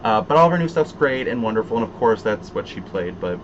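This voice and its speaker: Chatty low-voiced Southern man host. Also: animated, fast talker. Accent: Southern American. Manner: chatty, many fillers and restarts. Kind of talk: casual pop-culture chat. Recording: dull sound, faint noise.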